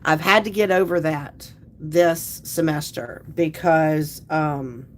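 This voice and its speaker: A woman's voice: sits low, slow pace, a little hiss or hum. A woman hosts a casual livestream, chatting loosely with viewers and reading out their comments. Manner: chatty, rambling, restarts sentences. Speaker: livestream host.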